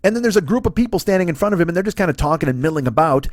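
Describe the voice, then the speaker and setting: A man's voice: on the high side, lively intonation, very fast, dry recording, studio quality. A man in his forties, a comedian hosting his own podcast, ranting through a profane comedic monologue. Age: 40s. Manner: ranting, heavy swearing.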